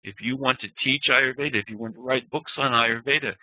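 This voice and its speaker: A male Ayurveda teacher speaks fairly quickly in a mid-range voice, patiently explaining and spelling out each sound for his online class. It's recorded on a computer mic in a web meeting, producing dry, tinny audio with no room sound.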